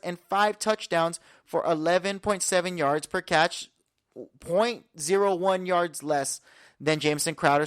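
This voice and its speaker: A man hosting a podcast, giving an energetic, confident sports breakdown full of statistics. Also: sits high, clear, resonant tone, no echo, studio quality. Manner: energetic, confident, stat-heavy rundown. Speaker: podcast host. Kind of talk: casual sports analysis talk.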